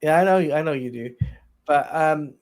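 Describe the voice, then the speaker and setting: A man co-hosting a laid-back film discussion, with a voice pitched slightly high. He speaks haltingly, filling gaps with fillers and trailing off before finding his words. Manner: hesitant, lots of fillers and trailing pauses. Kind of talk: casual movie discussion.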